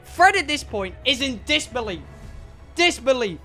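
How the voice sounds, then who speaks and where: Excitable high-voiced British young man. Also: soft background music. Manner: excitable, swearing, dramatic pauses. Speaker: streamer. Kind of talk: animated storytelling to a live chat. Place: home streaming room.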